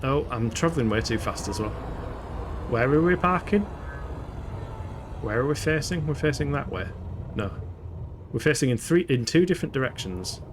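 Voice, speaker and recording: A man's voice: medium pitch, lively intonation, brisk, a little hiss or hum. A man giving chatty live commentary as he streams a game, often swearing, laughing and poking fun at himself. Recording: game music playing underneath. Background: game music.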